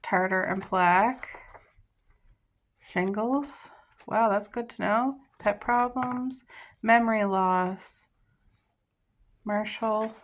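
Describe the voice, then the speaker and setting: A woman's voice: mid-range voice, slow, pauses often, a little hiss or hum. A woman vlogger chatting casually to the camera, gushing and enthusiastic about her finds and her garden. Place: garden outdoors.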